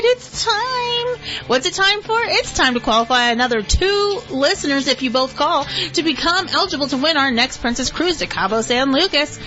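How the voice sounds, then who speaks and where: A woman's voice: sits high, pushed and bright, highs cut off. A woman co-hosting a radio show, giggly and chatty as she reads the weather and jokes with her co-host in the studio. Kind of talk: casual radio banter and weather read.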